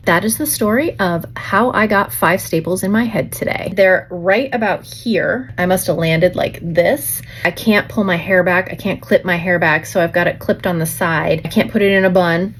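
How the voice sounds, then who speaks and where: A woman in her forties, a beauty vlogger at home, telling a dramatic personal story in a chatty, animated way, acting out her own thoughts as she goes. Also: fairly low pitch, slight background noise. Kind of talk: casual storytime while doing makeup.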